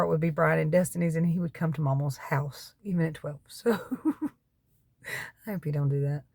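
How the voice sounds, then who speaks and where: Talking casually to her viewers, a keto diet vlogger, a middle-aged Southern-accented woman from North Carolina, rambles in a folksy way, laughs between remarks and coughs occasionally from allergies. Her fairly low voice is creaky and a little mellow with a breathy edge, and there's no room sound.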